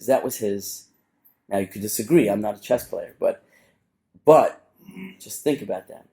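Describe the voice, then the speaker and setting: A middle-aged man, a rabbi, giving a storytelling sermon to a live audience, animated, with frequent restarts and asides. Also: fairly low pitch, normal speed, pauses often.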